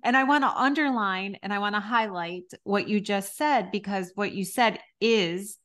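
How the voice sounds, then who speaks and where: Woman podcast host, middle-aged, frank and emphatic, mid-pitched, casual chat. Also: moderate pace, a bit bright. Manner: emphatic, frank, drops mild swears. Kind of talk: conversational podcast talk.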